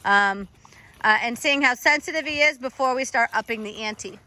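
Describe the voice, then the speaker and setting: A woman's voice: a little high, moderate pace, pushed and bright. A woman dog trainer coaching a trainee in an encouraging, instructive way.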